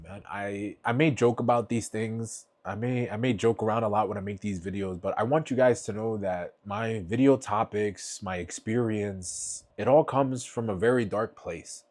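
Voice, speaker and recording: A man's voice: lowish voice, moderate pace, few pauses, darkish tone. A man talking bluntly and earnestly in a motivational vlog, swearing freely and speaking from the heart as he encourages his viewers. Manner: heartfelt, emotional. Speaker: fitness vlogger.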